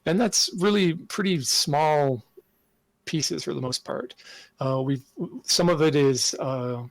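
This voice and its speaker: A man speaks in a considered, halting manner, pausing often with fillers and restarting his sentences. His voice has a gravelly edge. The sound is dry and close, with almost no room around it. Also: fairly high pitch, dry recording. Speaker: game designer guest. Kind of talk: podcast interview answer.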